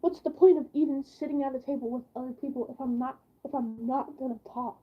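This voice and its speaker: A woman's voice: high voice, fairly even intonation, fast talker, slightly rough, phone-quality sound. A teenage girl telling a rambling story from school in a casual live-stream chat, full of fillers. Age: teens.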